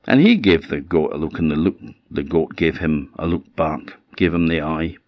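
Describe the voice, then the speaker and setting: Deep-voiced Orkney storyteller. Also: male voice, normal speed, dry recording, dull audio. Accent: Orcadian Scottish. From Orkney, Scotland. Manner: conversational, lively telling. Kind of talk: oral folk storytelling.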